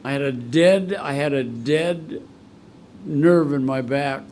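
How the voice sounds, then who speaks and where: A man's voice: medium pitch, takes it slowly, darkish tone, a little hiss or hum. A man speaking as the guest speaker at a recovery meeting, telling a rambling, heartfelt personal story and choking up with emotion. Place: meeting room at a school.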